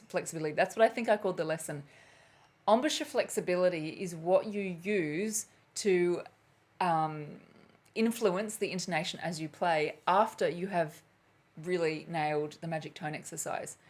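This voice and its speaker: A woman teaching flute in a live stream, talking in a loose, chatty way. Her voice sits a little low for a woman, and she laughs at her own slips as she works through viewers' questions. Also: normal speed. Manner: chatty, laughs at herself, loses her train of thought. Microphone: camera mic on a live stream.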